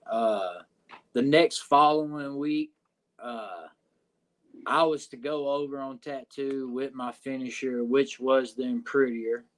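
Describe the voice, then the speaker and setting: A man's voice: medium pitch, slow, fairly bright tone. A man with a Southern US accent telling a locker-room story in a podcast interview, cursing often and rambling with fillers. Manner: profane, rambling, frequent "uh" and "you know what I'm saying". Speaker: wrestler guest.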